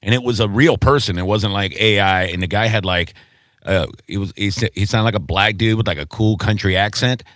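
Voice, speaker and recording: Low-voiced man telling a story on radio. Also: brisk, no room sound. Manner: animated anecdote-telling. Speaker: radio co-host. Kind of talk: casual storytelling.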